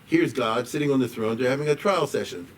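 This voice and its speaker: A man's voice: medium pitch, fairly quick, recorded from a distance. A man teaching a class on an old liturgical poem, talking casually and breaking off for asides and small chuckles. He sits a little back from the mic, and a faint hum of noise runs underneath. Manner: conversational, with frequent asides and chuckles. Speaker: rabbi and teacher.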